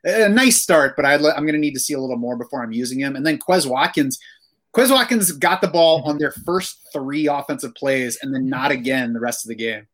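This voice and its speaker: A man hosting a fantasy football podcast, explaining things in a steady, casual chat. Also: mid-range voice, fairly quick. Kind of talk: casual sports analysis chat.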